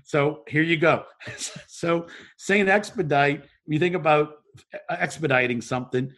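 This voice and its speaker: Man telling stories easily, fairly high. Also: measured pace. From New Orleans. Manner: relaxed storytelling, chuckles. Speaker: co-host. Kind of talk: casual radio talk.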